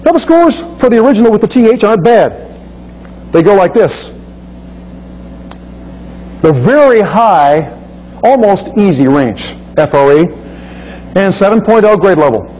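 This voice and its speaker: A man's voice: high-pitched, sing-song, unhurried, long pauses, darkish tone, a little hiss or hum. A man giving a lecture, explaining step by step and often asking his listeners whether they follow. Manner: explains step by step, asks the audience questions; clears his throat. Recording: dull lo-fi recording.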